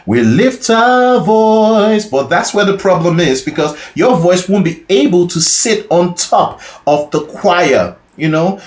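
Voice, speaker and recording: A vocal coach gives a singing lesson with sung demonstrations, his slightly high voice echoing in the room. He explains things casually and keeps checking in with the listener.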